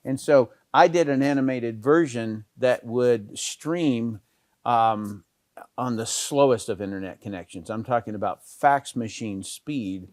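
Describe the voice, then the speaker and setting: Middle-aged male trainer, casual anecdotal talk, dry close sound, mid pitch. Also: unhurried, a little mellow, no room sound. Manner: storytelling, many fillers and restarts. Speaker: network marketing trainer.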